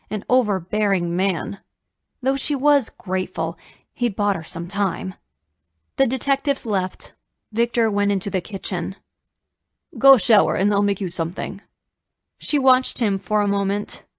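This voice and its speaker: A woman narrating a romance audiobook in a measured storytelling manner. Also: mid-range voice, dry recording, clean studio sound.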